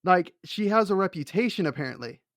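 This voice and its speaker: A man's voice: high voice, animated, fairly quick, fairly bright tone, no echo, studio quality. A man co-hosting a casual chat, talking in a rambling way with many fillers and restarts. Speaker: podcast co-host.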